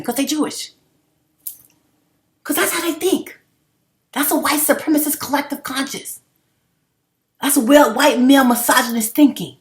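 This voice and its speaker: A woman's voice: sits high, moderate pace, long pauses. A middle-aged woman vlogging in a casual, rambling monologue, emphatic and full of swearing. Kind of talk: casual unscripted monologue to camera. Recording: roomy echo.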